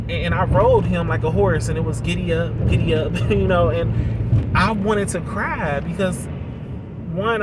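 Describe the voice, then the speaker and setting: A man telling a personal story to his viewers in a confessional storytime monologue, emotional and halting, often repeating words. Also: fairly high pitch, very noisy.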